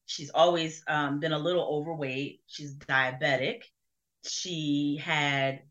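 A woman's voice: sits low, a bit bright. A middle-aged woman from New Jersey, a guest giving a personal faith testimony in conversation, earnest and reflective with many fillers. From Burlington, New Jersey. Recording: dull lo-fi sound.

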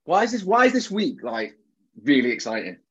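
A man's voice: fairly high pitch, wildly swooping pitch, brisk, husky, dull audio. A man co-hosting a podcast, chatting in a teasing, jokey way and often talking over his co-host. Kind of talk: casual banter.

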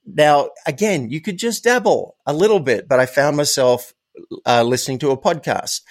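A man's voice: a little high, moderate pace. Emphatic man telling stories as a guest. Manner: emphatic, anecdotal, repeats words for stress. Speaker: podcast guest. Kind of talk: casual interview storytelling.

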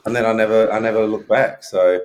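A man's voice: fairly low pitch, steady tone, fairly quick. A middle-aged man, an interview guest, telling frank personal stories in a loose way with fillers and restarts. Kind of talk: reflective storytelling.

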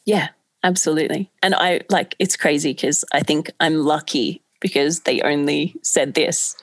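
A woman's voice: low-pitched, fairly even intonation, moderate pace, no room sound. A woman candidly telling a personal story in casual chat, with many fillers. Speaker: podcast guest.

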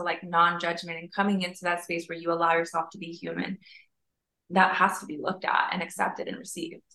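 Woman guest, spiritual mentor type; gravelly, low, long flowing emphatic phrases; echoey room. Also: sharp tone. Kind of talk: casual spiritual conversation. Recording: roomy echo.

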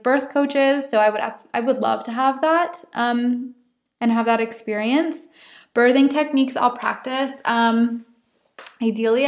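A young woman hosting her own podcast, talking openly and chattily with frequent laughs. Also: a little high. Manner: open, chatty, laughs often. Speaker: podcast host. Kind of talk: casual solo podcast monologue.

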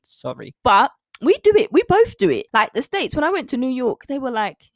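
Hosting a nutrition coaching podcast on her own, a woman speaks at a moderate pace in a high voice with huge pitch swings. The sound is dry and studio-clean, and she addresses listeners in a chatty, animated way, laughing frequently.

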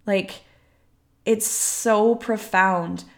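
A woman's voice: mid-range voice, fairly even intonation. Emphatic, sweary woman coach talking solo. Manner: emphatic, sweary, breathy sighs, quick asides. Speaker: podcast host and womb-healing coach. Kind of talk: casual solo podcast monologue.

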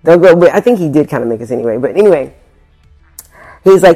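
A woman's voice: low-pitched, lively intonation, fast talker, mellow, soft background music. A woman vlogging, telling a story in a casual, slangy way with swearing and acted-out quotes.

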